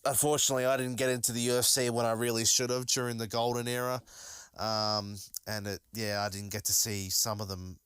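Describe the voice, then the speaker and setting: A man's voice: mid-range voice, level tone, a little fast, fairly bright tone, smooth, dry recording. A man hosting a solo podcast, talking casually and enthusiastically, rambling with many fillers and restarts. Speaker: podcast host.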